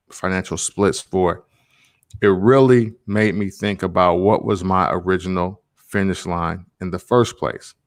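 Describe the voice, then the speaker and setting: A low-pitched man in his thirties muses aloud in a relaxed, wandering monologue. He speaks loosely with plenty of slang fillers, like a podcaster thinking out loud. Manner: rambling, loose, full of slang asides. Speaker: songwriter and podcaster. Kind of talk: reflective casual monologue.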